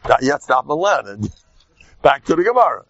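A man giving an informal, joking Torah talk to his class, lively and animated. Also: medium pitch, normal speed, creaky, dry recording. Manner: animated, jokey, mixes Yiddish and Hebrew terms. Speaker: rabbi teaching a class. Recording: dull dry lo-fi sound.

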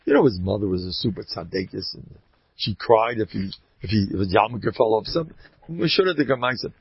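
A man with a gravelly, husky voice gives an informal Torah talk. His pitch swings widely, and he repeats phrases to drive his points home. The recording is dull and dry, with a lo-fi sound. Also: fairly quick. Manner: animated and emphatic, repeats phrases for stress. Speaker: Torah teacher.

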